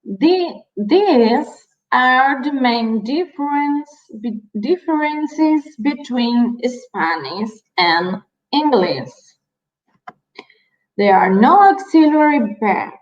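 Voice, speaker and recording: A woman teaching a language lesson, repeating each word slowly and carefully for learners. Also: sits high, lively intonation, reverberant, dull audio. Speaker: Spanish teacher.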